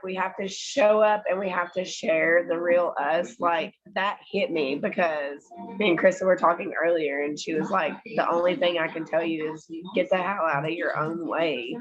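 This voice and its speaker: Earnest woman, dull lo-fi audio. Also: on the low side. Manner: earnest, encouraging, swears casually. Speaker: group member. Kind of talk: heartfelt casual talk.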